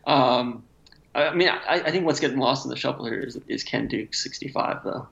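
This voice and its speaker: Laid-back male co-host, gravelly, casual filler-heavy talk, lo-fi sound. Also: medium pitch, fairly quick, fairly bright tone. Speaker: podcast co-host. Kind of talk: casual chat. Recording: dull lo-fi audio.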